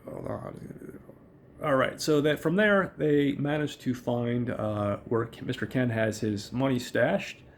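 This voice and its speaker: A man's voice: mid-range voice, a little slow, hardly any pauses, slight background noise. A man hosting a casual show and recapping a film in a chatty, rambling, profane way. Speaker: podcast host.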